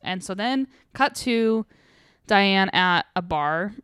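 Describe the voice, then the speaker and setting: Smooth-voiced young woman recapping a film. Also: mid-range voice, slow, dry recording, studio quality. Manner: animated, laughs often, acts out quotes. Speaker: podcast co-host. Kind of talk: casual chat recapping a film.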